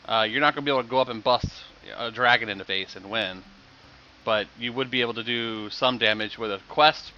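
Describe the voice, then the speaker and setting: A man's voice: medium pitch, pushed and bright, highs cut off, a little hiss or hum. A man streaming a game live, chatting casually with viewers, explaining prices and thanking them for gifts.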